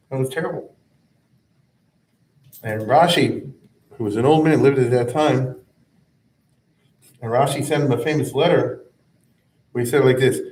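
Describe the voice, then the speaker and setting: This informal explanatory lecture comes from a man leading a rabbinic class, his medium-pitched voice a little mellow. He talks conversationally, chants verses, then explains them with frequent asides. The room echoes and the microphone sits far off.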